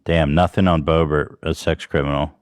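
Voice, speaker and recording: A man's voice: rumbling low, level tone, moderate pace, no echo, clean studio sound. A man co-hosting a casual podcast, trading sarcastic, mocking jokes. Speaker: podcast co-host. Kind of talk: casual comedic podcast chat.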